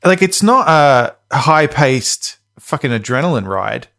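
A man's voice: medium pitch, lively intonation, unhurried, creaky, fairly bright tone. A man co-hosting a casual podcast chat, laughing often and swearing as he retells scenes. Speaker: podcast co-host.

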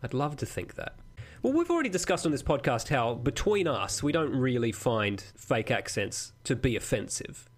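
A man's voice: mid-range voice, very animated, moderate pace. A man with a mid-range voice chats on a podcast. He is blunt and dry, with casual swearing. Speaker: podcast co-host. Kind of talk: casual chat.

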